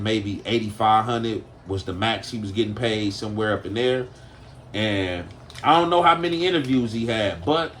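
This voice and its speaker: A man's voice: mid-range voice, fairly bright tone. A man hosting a commentary channel, talking loosely and skeptically about a clip. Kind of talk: casual commentary.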